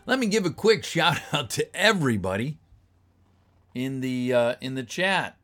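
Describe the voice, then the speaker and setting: Faint music plays as a man with a medium-pitched, slightly bright voice and lively intonation speaks a little slowly. A voice actor reading a script on a livestream, he casually greets his viewers and reads their messages aloud, though his voice is wearing a bit.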